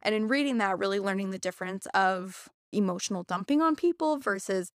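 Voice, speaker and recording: A woman's voice: medium pitch, lively intonation, brisk, dry recording, clean studio sound. A young adult woman co-hosting a podcast, telling a personal story candidly and earnestly in casual chat. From United States. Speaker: podcast co-host.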